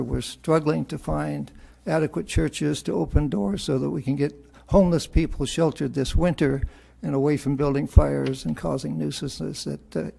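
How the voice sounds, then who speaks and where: A man with a deeply gravelly, husky voice addressing a city council. His tone is dark and mellow, and he speaks in a formal, measured way. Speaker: resident giving public comment. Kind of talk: formal public comment. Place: council chamber.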